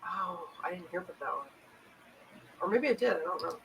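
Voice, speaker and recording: A woman's voice: fairly low pitch, animated, a little fast, gravelly, fairly bright tone, a little hiss or hum, poor audio. A woman with a Canadian accent co-hosting a casual chat, chatty, teasing and giggly. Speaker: co-host.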